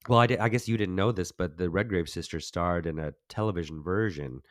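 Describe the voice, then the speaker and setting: A man with a very deep voice co-hosting a film review chat in an easygoing, knowledgeable way. He drops wry asides, and the sound is dry and close. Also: fairly quick, no room sound. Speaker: podcast co-host.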